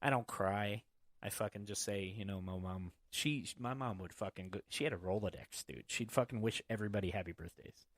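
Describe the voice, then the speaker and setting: A man's voice: lowish voice, brisk, no echo. A man hosting a casual podcast, telling stories in a profane, rambling way. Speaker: podcast host. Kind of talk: casual chat.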